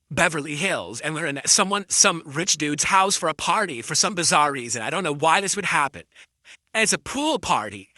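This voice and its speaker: A man's voice: on the high side, pushed and bright, no echo, studio quality. A man streaming live, ranting defensively at his critics and insulting them.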